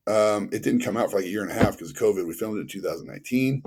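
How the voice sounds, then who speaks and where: A man from the Los Angeles area, a podcast guest telling stories in a casual, animated way, acting out quoted dialogue and using lots of fillers. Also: on the low side, racing, few pauses, breathy edge. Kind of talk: casual storytelling.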